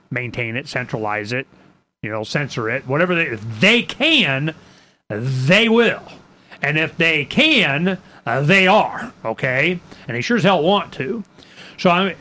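Rambling, animated male radio host. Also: a little high. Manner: rambling, acts out both sides of conversations; stammers and repeats words. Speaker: radio talk show host.

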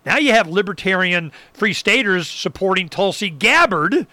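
Speaking at a moderate pace in a high voice, an Arizona man tells lively stories in casual political talk, voicing other people's lines and whooping now and then. The recording is dry.

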